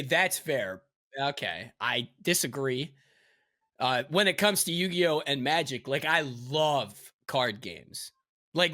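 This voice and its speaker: A man's voice: medium pitch, bright, forceful tone, no room sound, clean studio sound. A young man co-hosting a casual podcast, laughing easily and swearing freely. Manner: loose, laughing, swears a lot. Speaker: podcast co-host. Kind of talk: casual chat.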